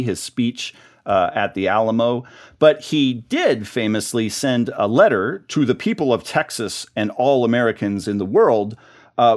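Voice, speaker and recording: A man hosting a podcast in a chatty, casual way. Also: medium pitch. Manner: chatty, with fillers and restarts. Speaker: podcast host.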